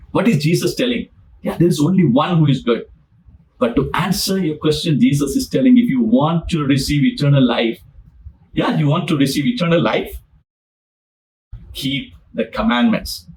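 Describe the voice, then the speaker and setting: Emphatic preacher, heard from a distance. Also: male voice, fairly high pitch, darkish tone. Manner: repetitive, emphatic, dramatizes scripture. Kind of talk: sermon.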